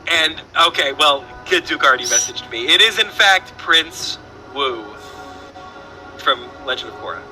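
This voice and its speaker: A man's voice: fairly high pitch, animated, measured pace, over music, low-quality recording. A man hosting an online trivia quiz over voice chat, playful and rambling, laughing at his own jokes.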